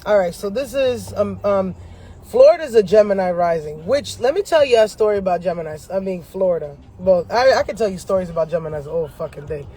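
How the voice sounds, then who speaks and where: A man with a high voice speaks briskly in a casual to-camera chat from inside his parked car. The astrology vlogger's stories are animated, profane, and slangy, with frequent laughter between lines.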